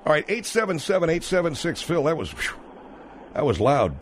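A man's voice: on the high side, big pitch swings, a little fast, slight background noise. A male call-in radio host who sounds exasperated and sarcastic with his callers. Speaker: radio talk show host.

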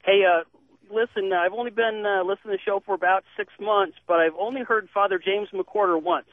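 A man's voice: high voice, fairly even intonation, fairly quick, no room sound. A man calling a radio show as an eager fan, chuckling as he talks, heard over a tinny phone line. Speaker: caller.

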